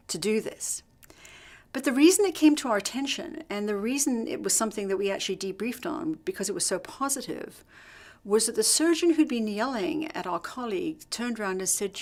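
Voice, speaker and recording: Woman giving a lively leadership talk. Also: mid-range voice, moderate pace. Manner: lively, acts out quoted dialogue. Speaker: leadership trainer at a hospital. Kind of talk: storytelling workshop talk.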